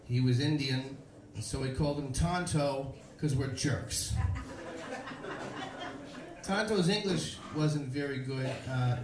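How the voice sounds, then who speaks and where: A young man performing a stand-up comedy set on a club stage, delivering deadpan stories with punchlines. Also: medium pitch, slow, crowd noise. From Chicago, USA. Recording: echoey live club room.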